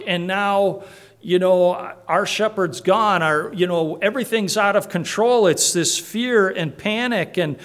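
A man preaching a conversational sermon, with frequent restarts and asides to the congregation. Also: fairly high pitch. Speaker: pastor.

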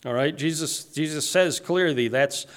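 A man's voice: fairly high pitch, a little slow, smooth. A man teaching through a Bible passage verse by verse, explaining it in plain everyday paraphrase and often restarting his sentences. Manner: frequent restarts and repeated words.

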